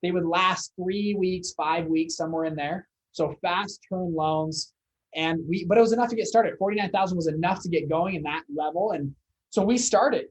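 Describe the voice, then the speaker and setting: A young man, a fund founder, telling his story as a podcast guest in a casual, animated way with laughs and fillers. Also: on the high side, low-quality recording.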